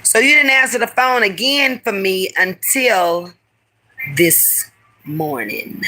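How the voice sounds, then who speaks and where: A woman's voice: medium pitch, takes it slowly, bright, forceful tone, low-quality recording. A woman hosting a live stream who tells a personal story in a candid, heated way, full of profanity and slang. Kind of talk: casual storytelling to a live audience.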